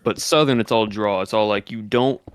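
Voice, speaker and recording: A male streamer in casual chat who rambles with many fillers and drawls some words out in a put-on Southern voice, recorded on a compressed mic that makes him sound monotone. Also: fairly low pitch, moderate pace, clean tone. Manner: rambling, many fillers, explains things loosely. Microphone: desk microphone with built-in compression.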